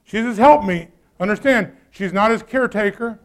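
A man's voice: high-pitched, normal speed. A man preaching a sermon in a conversational way, often putting questions to the congregation. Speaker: pastor.

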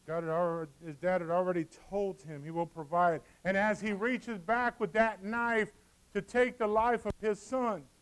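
Man, pastor, sermon, high pitched, smooth resonant voice, dramatic hushed-to-loud delivery. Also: fairly even intonation, normal speed. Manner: dramatic preaching, acting out scripture dialogue.

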